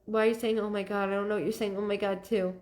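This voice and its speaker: Female medium, live-stream host, casual and halting, greets viewers by name. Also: medium pitch, level tone, darkish tone. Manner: thanks viewers by name and relays messages in a searching, halting way.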